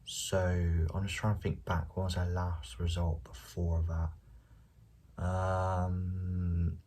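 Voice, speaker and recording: A young man casually giving football predictions on his channel, speaking quietly and at times near a whisper, recorded at home late at night without a proper microphone. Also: sits low, flat delivery, slow pace, slight background noise. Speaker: football vlogger. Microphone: no dedicated microphone.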